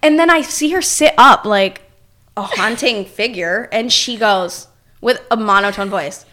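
A woman guest in a studio telling a story in a casual chat, animated and full of fillers. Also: medium pitch, a little slow.

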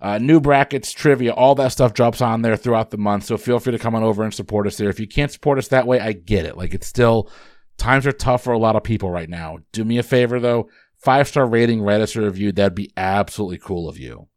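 A man hosting a trivia podcast, running the quiz in brisk, upbeat patter. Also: on the low side, darkish tone, no room sound, studio quality.

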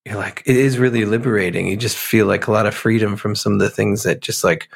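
Low gravelly man musing loosely. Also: steady tone, fast. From Pennsylvania. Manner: reflective, rambling with many fillers. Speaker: musician guest. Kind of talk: casual interview chat.

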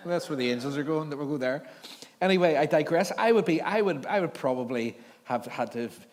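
A man's voice: fairly high pitch, lively intonation, brisk, darkish tone. A male pastor preaching at an evening church service, mixing scripture reading with jokey, conversational asides. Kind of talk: sermon with Bible reading. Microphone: handheld or stage mic with feedback. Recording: long hall reverb.

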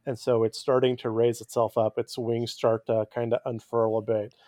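Male game master, mid-pitched, dry close mic, descriptive and halting. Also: level tone, mellow, no echo. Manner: descriptive, with frequent restarts and fillers. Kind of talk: narrating a tabletop game.

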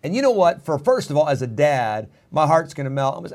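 A man's voice: a little high, sing-song, fast talker, darkish tone. A pastor in his thirties preaching a sermon in an earnest, emphatic way, repeating key phrases.

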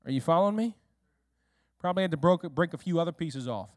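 A male pastor preaching a lively sermon, often asking his congregation questions and speaking to people in the room. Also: a little high, fast talker, dry recording, clean studio sound. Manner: speaks directly to listeners in the room.

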